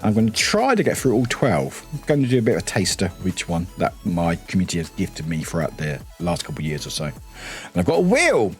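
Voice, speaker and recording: A man's voice: low voice, wildly swooping pitch, fast talker, faint music behind. A young British man chatting casually on a live stream, scattered and swearing, with lots of restarts.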